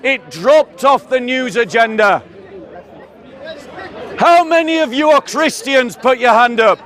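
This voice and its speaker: A man with a southern English accent, giving a declamatory public speech to a crowd outdoors and calling them ladies and gentlemen. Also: very high-pitched, lively intonation, takes it slowly. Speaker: street preacher.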